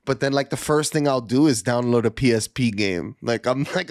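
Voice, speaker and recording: A man's voice: mid-range voice, lively intonation, normal speed, hardly any pauses, no room sound, studio quality. A man co-hosting a podcast, telling casual stories in a laid-back way and swearing freely. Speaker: podcast co-host. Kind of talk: casual chat.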